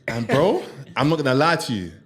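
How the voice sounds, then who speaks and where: A man's voice: medium pitch, brisk. Laughing young man telling a story. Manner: animated, laughing through his story. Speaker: podcast co-host. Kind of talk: comedic storytelling among friends. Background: friends reacting and laughing.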